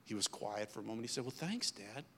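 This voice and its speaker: A man's voice: on the low side, animated, fast talker, sharp tone, big-room sound. A middle-aged man preaching a sermon, telling a story and then pressing his point with growing emphasis.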